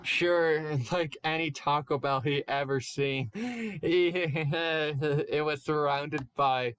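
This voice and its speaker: A man's voice: fairly high pitch, slow, a bit bright, clear, resonant tone. A young man reading a silly fan story aloud, stumbling over words and stopping to poke fun at the text. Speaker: channel host. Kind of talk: comedic fan-fiction reading.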